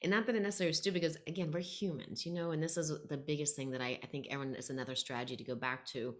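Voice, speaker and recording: A woman's voice: low-pitched, steady tone, racing. A middle-aged woman educator talking in an interview, telling stories with animation and acting out quoted voices. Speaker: guest, educator. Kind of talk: podcast interview conversation.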